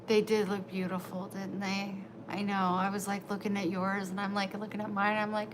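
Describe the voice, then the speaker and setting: A middle-aged woman vlogging casually at home, chatting in an animated way to herself and her viewers. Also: mid-range voice, normal speed, hardly any pauses. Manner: chatty, animated self-talk. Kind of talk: casual vlog chat. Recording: background noise.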